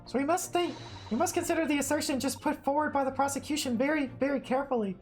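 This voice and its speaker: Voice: high-pitched, quick pace, faint music behind, voice pushed up, close to an everyday voice. A streamer voicing a polite, refined young female legal assistant while reading game dialogue aloud. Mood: earnest.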